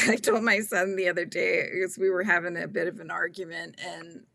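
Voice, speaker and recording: Bright-voiced lady chatting on a crochet live stream, laughs a lot, dry close sound. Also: fairly low pitch, little pitch movement, normal speed, gravelly, dry recording. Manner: chatty, laughs often, acts out quotes in a raised voice. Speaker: crochet livestream host. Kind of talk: casual chat while crocheting, reading viewer comments.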